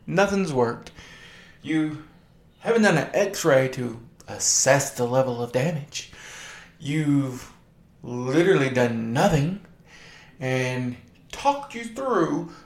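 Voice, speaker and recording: A man's voice: a little high, echoey room. Wry man rambling through a story. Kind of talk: casual personal anecdote.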